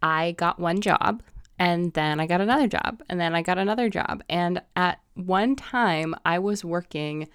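Young woman doing her podcast, lowish voice with some fry, upbeat pep-talk vibe, dry close sound. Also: unhurried, dry recording. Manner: chatty, motivational, leans on "like" and "so". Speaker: podcast host and real estate coach.

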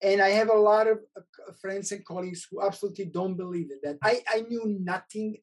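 A woman host asks questions and tells her own stories, hesitating and restarting as she goes. Her voice has a husky edge. She talks at a middle pitch. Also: fairly quick. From Bosnia. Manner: hesitant, with many fillers and restarts. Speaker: interviewer, host. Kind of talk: conversational interview.

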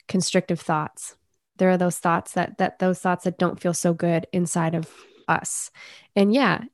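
A woman coach speaking as a podcast guest, earnest and measured as she talks about inner healing. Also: lowish voice, darkish tone, dry recording, studio quality. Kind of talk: reflective conversational interview.

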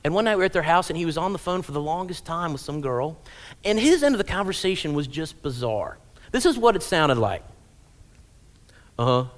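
A man's voice: a little high, big pitch swings, fast. A man pastor preaching a sermon in a church auditorium, telling humorous stories and acting out quotes. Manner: humorous storytelling, acts out quotes.

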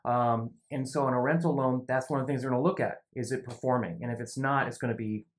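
Mid-pitched man giving practical lending advice. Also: fairly even intonation, quick pace. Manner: brief agreeing interjections, plain matter-of-fact explanations. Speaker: real estate co-host. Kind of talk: casual podcast discussion.

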